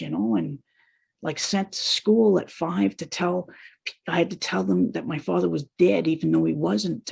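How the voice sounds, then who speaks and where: A woman's voice: fairly low pitch, gravelly, darkish tone, breathy edge. A woman telling her own painful story in a raw, repetitive monologue, piling on lists of hurts. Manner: raw, pained and repetitive, with long trailing lists. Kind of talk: personal testimony monologue.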